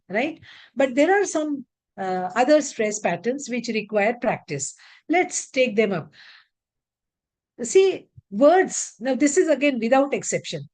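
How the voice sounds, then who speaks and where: Over a video call, a woman teaches an online English lesson on word stress. Her slightly high, somewhat mellow voice moves around a lot in pitch, and she speaks slowly and deliberately while reading word lists aloud.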